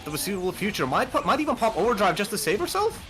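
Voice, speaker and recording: A young man calling a fighting game match live, excitable and quick to jump up at big moments. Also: high-pitched, faint music behind. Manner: excitable, calls plays, swings up to near shouts. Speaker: esports play-by-play commentator.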